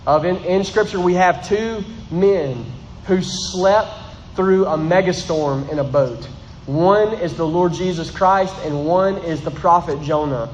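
A man's voice: sits high, measured pace, roomy sound, big-room sound, lo-fi sound, a little hiss or hum. A man preaching a sermon to a congregation, emphatic, repeating phrases and rising in bursts. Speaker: pastor. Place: large room with congregation.

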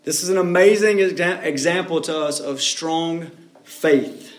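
High-voiced preacher in an echoey room. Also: male voice, a little slow. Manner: dramatic, swings between hushed and loud. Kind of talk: expository sermon.

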